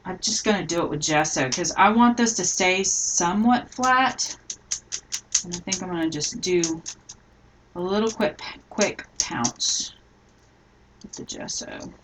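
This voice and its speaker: A middle-aged woman hosting a live scrapbooking tutorial, chatting casually and thinking aloud as she works, often trailing off softly. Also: fairly low pitch, lively intonation, unhurried, a little hiss or hum, low-quality recording.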